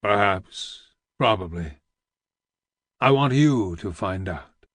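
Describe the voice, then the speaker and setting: A man reading an audiobook, voicing a weary, heavy old vizier who speaks slowly in a deep, rumbling, almost whispered growl. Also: lively intonation, fairly bright tone, dry recording, clean studio sound, full character voice. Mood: grave. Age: older. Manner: slow, grave and weighty.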